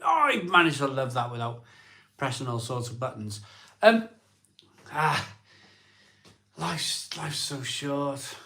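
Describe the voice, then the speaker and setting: A man in his forties hosting a live stream, talking slowly and emotionally with many ums and restarts. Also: medium pitch, big pitch swings, bright, forceful tone. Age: 40s. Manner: slow, halting, full of ums and restarts. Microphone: phone.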